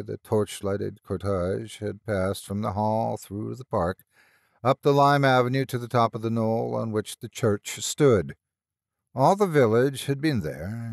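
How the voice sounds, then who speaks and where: A man reading a ghost story aloud in a measured, expressive narration. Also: on the low side, vocal fry, dry recording, studio quality.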